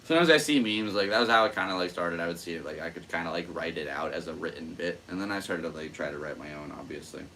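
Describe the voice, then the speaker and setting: A man's voice: deep voice, fast talker, few pauses, pushed and bright, a little hiss or hum. A young man and podcast host chatting casually about his stand-up comedy, rambling and full of fillers. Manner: rambling, self-amused, lots of fillers. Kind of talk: casual solo chat.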